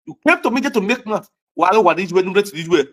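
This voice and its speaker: A Nigerian man in a heated vlog rant, his voice pitched high for a man. He scolds his viewers and repeats himself over and over, hammering each point home. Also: expressive, quick pace, fairly bright tone. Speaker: social media commentator. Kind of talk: ranting vlog monologue.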